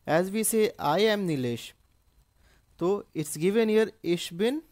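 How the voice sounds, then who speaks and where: A man's voice: sits high, lively intonation, unhurried, darkish tone. A man teaching a language lesson in a patient, explanatory way, repeating and translating each phrase. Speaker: German teacher.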